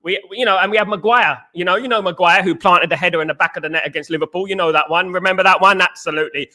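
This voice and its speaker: High bright-voiced English man hosting. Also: fast talker. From England. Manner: animated, repeats phrases, greets chat viewers. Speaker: host. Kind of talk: live-stream football chat.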